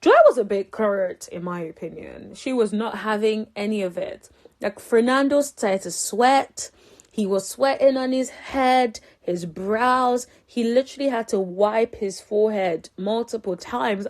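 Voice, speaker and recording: Animated young woman recapping a show. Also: unhurried. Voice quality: animated, jumps high in pitch for reactions. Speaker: reality show recap commentator. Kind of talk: casual chat.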